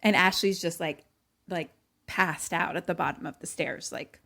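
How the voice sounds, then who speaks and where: A woman's voice: on the low side, normal speed, vocal fry. A woman co-hosting a podcast over a remote call, casually retelling a film plot and acting out the characters' lines with frequent laughter. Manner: animated, acts out characters' lines, laughs often. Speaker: podcast co-host.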